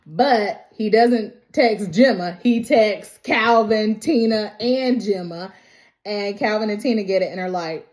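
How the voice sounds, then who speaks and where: A woman's voice: medium pitch, unhurried, darkish tone. A woman vlogger recapping a TV episode in a casual, slangy way, laughing often.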